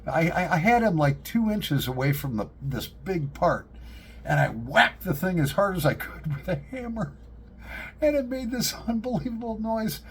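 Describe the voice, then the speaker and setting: A middle-aged man, vlogging to camera and telling animated, joking stories, laughing at his own punchlines. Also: high voice, moderate pace, creaky, slight background noise. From upstate New York. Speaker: pipe-smoking vlogger. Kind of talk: casual storytelling to camera.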